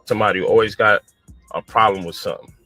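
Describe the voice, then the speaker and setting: A man's voice: lowish voice, steady tone, quick pace, pushed and bright, soft background music. A man in a heated, profane live-stream rant, angry and exasperated. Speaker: online personality defending his program.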